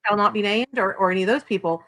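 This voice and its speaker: A woman's voice: mid-range voice, fast, sharp tone, poor audio. A woman author being interviewed in a casual chat, talking bluntly and animatedly, with self-deprecating humor. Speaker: author guest.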